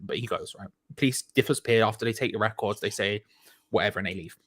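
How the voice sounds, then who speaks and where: A young man's fairly low, slightly fast voice comes through with no echo as he relates a long story in a lively, casual way. Curses fly often, and he performs the voices of those in the story.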